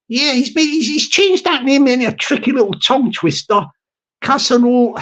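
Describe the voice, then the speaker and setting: A man's voice: extremely high pitch, expressive, normal speed, fairly bright tone. A man hosting a casual livestream, rambling and jokey, laughing often and restarting his sentences. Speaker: channel host.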